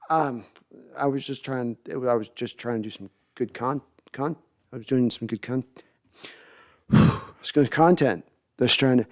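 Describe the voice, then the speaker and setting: A man's voice: fairly high pitch, normal speed, long pauses, a little mellow. A man hosting a sports podcast livestream, chatty and self-deprecating as he reads viewer comments. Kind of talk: casual livestream chat, reading comments.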